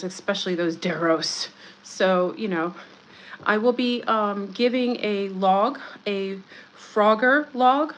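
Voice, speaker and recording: A woman at a medium pitch hosts a casual livestream, talking straight to her viewers. She rambles and jokes in a conspiratorial tone and greets people by name. A faint hiss of noise sits under her voice. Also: muffled recording. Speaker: livestream host.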